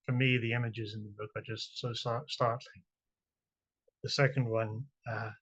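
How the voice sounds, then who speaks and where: A Scottish poet with a husky, breathy voice, reading his work aloud. He stumbles and repeats himself while explaining each poem, then settles into a slow, chant-like reading of the verse. The recording sounds dull and lo-fi. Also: mid-range voice. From Scotland. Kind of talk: poetry reading with spoken introductions.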